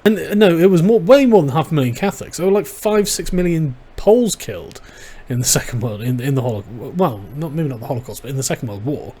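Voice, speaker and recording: Wry livestream host with a higher voice. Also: male voice, animated, quick pace, warm tone, breathy edge. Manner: wry, sarcastic, dry asides. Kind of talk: casual livestream commentary reading chat.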